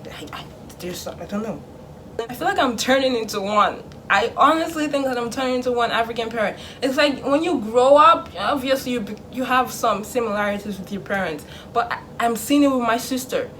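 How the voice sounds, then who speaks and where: A young woman vlogging in casual chat, animated, acting out her parents in a hushed voice. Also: fairly high pitch, brisk, slight background noise.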